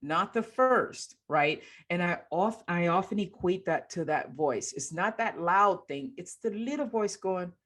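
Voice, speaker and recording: A woman's voice: fairly low pitch, lively intonation, unhurried, few pauses. A woman hosting a podcast as a coach, talking casually and affirming her guest often. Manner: warmly affirming, coaching tone, frequent agreement.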